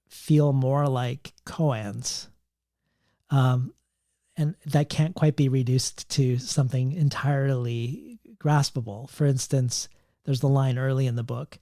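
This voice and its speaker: A man hosting a literary interview, measured and careful as he reads quotations aloud. His voice is mellow and the recording is dry and close. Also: medium pitch, no room sound. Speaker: podcast host.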